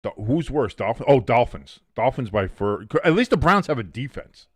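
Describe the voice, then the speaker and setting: A man's voice: mid-range voice, sing-song, moderate pace, breathy edge, dry recording, clean studio sound. A man hosting a live sports watch-along, rambling and teasing a friend between bits of play-by-play.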